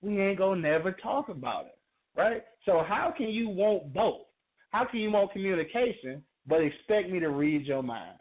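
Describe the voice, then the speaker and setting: On a call-in relationship podcast, a male co-host with a fairly high voice talks in a very animated way at normal speed, chatting casually as radio talk. He keeps circling back and repeating phrases on the way to his point, laughing often, and the audio is thin and phone-like.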